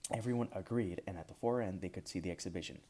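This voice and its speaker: Low-voiced man reading a storybook. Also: fast talker, mellow. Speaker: author reading his own story. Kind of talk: storybook narration.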